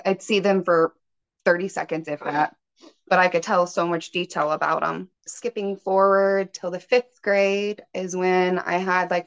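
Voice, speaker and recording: A woman guest on a podcast, a spiritual healer, telling her own story in a chatty way with many "like"s and "um"s. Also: on the low side. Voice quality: chatty, lots of "like" and "um". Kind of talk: casual personal storytelling. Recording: muffled lo-fi podcast audio.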